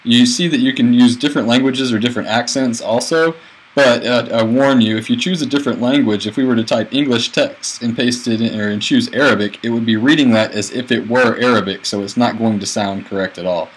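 A male teacher talking through a software tutorial as he clicks, plain and a bit halting. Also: mid-range voice, slightly rough, poor audio. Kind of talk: screencast tutorial.

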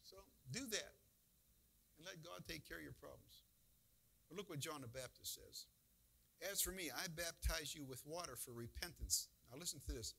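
A man's voice: a little high, moderate pace, gravelly, bright, forceful tone, breathy edge, low-quality recording. A man pastor giving a folksy, conversational sermon with emphatic bursts.

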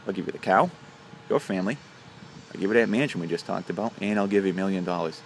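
A man's voice: sits low, quick pace, slight background noise. A man voicing a bargaining lady leprechaun. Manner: matter-of-fact deal-making. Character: scheming female leprechaun making bargains.

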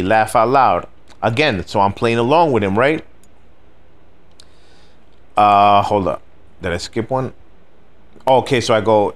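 A man's voice: lowish voice, slow pace, long pauses, clean tone. A middle-aged man telling a story in a casual, rambling rant, profane and full of "you know what I mean" fillers, as host of a gaming video.

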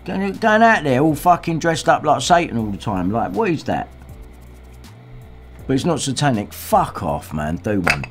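A man's voice: mid-range voice, big pitch swings, moderate pace, faint music behind. A man hosting a livestream, ranting angrily in a profane, abusive way. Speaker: livestream host. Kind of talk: casual rant.

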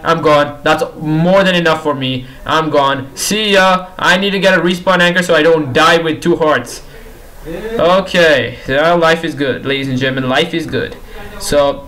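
A man's voice: a little high, sharp tone, a little hiss or hum, rough recording. A young man giving casual commentary while playing a game, pleading with and teasing the characters on screen and repeating himself in exasperation. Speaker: gaming YouTuber.

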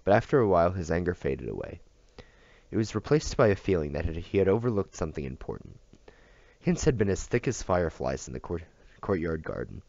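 A man reading a novel aloud at a steady pace, with small slips and restarts, on a dull, dry recording. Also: deep voice, fairly quick, vocal fry, no echo. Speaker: audiobook reader.

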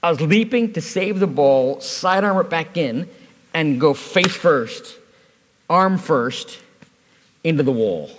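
A man preaching at a church service, his voice pitched a little high and swinging widely as he tells a story with easy, joking asides. The sound carries the long reverb of a church hall. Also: animated, slow. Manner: conversational storytelling with humor. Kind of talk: sermon.

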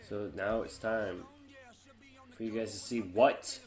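A man's voice: on the low side, steady tone, measured pace, darkish tone. A man casually commentating on his own gameplay, chatting along and groaning or exclaiming when things go wrong. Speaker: gamer.

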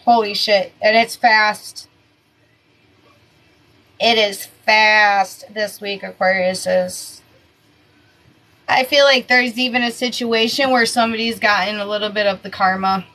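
A woman in her thirties giving a casual weekly tarot horoscope reading, animated and breathless, swearing freely. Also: medium pitch, measured pace, long pauses, poor audio. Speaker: tarot reader.

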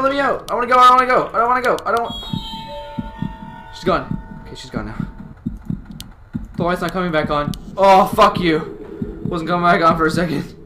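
A man's voice: high voice, animated, normal speed, long pauses, noisy background. Jumpy, swearing male horror gamer. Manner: jumpy, swearing, shouting at the game. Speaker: gameplay streamer. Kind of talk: horror game commentary. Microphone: desk mic with facecam. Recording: game music behind the voice.

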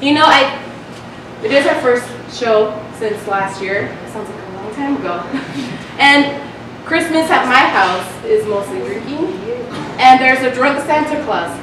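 Young female stand-up comic, self-deprecating and chatty, slightly high voice, distant mic in a noisy room. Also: expressive, a little slow. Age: young adult. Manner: chatty, self-mocking, laughs at own jokes. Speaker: stand-up comedian. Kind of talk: stand-up comedy set. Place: small live venue with audience laughter. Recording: echoey, distant, noisy live room recording.

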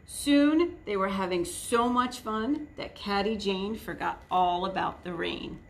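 A woman librarian reading a picture book aloud and chatting with young children. She speaks gently and invitingly at a medium pitch, recorded on a phone at a table with a faint hiss behind her. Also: measured pace. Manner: warm, gentle, addressing children. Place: indoors at a table. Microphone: phone camera.

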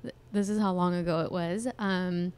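A woman's voice: on the low side, steady tone, moderate pace, darkish tone, clear, resonant tone. A woman hosting a podcast, chatting casually and recalling past concerts with a self-teasing manner. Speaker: podcast host. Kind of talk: casual chat.

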